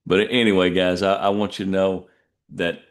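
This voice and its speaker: A man's voice: flat delivery, moderate pace. A middle-aged man, a truck driver hosting a podcast, telling stories in a rambling, self-deprecating way with many restarts. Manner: puts on jumpy high voices when quoting people. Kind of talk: casual storytelling monologue.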